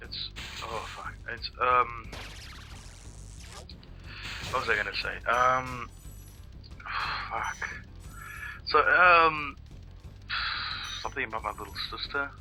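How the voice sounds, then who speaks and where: A man's voice: mid-range voice, slow pace, pauses often, pushed and bright, faint music behind, low-quality recording. A man co-hosting a let's play, chatting casually in rambling sentences full of restarts and swearing. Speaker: let's play co-host watching. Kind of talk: casual gaming chat.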